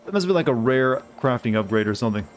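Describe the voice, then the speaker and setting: An American man streaming a game, chatting loosely over faint game music in a voice of middling pitch. His talk wanders between sarcastic gripes and idle asides. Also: lively intonation, quick pace. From United States. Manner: rambling, sarcastic, griping asides. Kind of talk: casual gameplay commentary.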